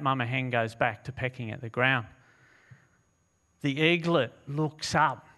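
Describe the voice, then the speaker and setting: A man preaching a sermon, telling a story in an animated, dramatic way with slow pauses. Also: medium pitch. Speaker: pastor.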